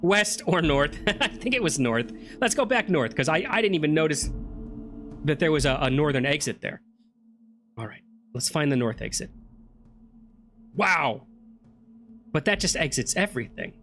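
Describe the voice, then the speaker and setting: A man talking his way through a first playthrough of a game, chatty and full of self-questions. His voice is fairly high for a man and moves up and down a lot. Faint music plays underneath. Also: sing-song, moderate pace, long pauses, fairly bright tone. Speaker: gameplay streamer. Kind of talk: let's play commentary.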